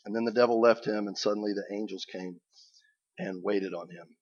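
A man's voice: on the low side, fairly even intonation, fairly quick, slightly rough. A man preaching a sermon as pastor, reflective and conversational. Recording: dull lo-fi recording.

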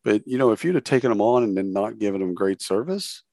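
A man hosts a podcast interview in a relaxed, conversational way. His voice sits low with a gravelly fry, and he rambles and restarts phrases often. The sound is dry and close. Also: fast talker, no room sound. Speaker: podcast host. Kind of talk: casual interview chat.

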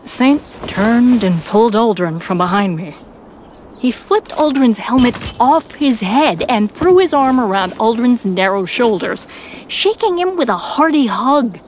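A woman narrating a first-person fan audio drama in a steady storytelling manner. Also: on the high side, unhurried, a little hiss or hum, poor audio.

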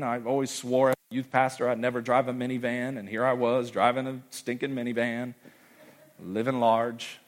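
A middle-aged male pastor delivering a sermon in a voice of ordinary pitch for a man. He preaches with passion, driving hard on some phrases and dropping to a hushed near-whisper on others.

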